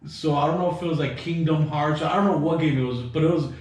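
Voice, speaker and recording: A man's voice: fairly high pitch, fast talker, a little mellow, far from the mic. A young man hosting a podcast, chatting casually, swearing often and laughing easily. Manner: swears a lot, laughs easily, loose banter. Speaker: podcast host. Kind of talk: casual chat. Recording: echoey room, voice off-mic.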